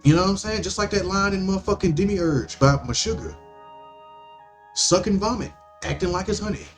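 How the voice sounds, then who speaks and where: A man's voice: high-pitched, a little fast, soft background music. A man hosting a podcast, ranting in a profane, rambling monologue full of stammering restarts. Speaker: podcast host.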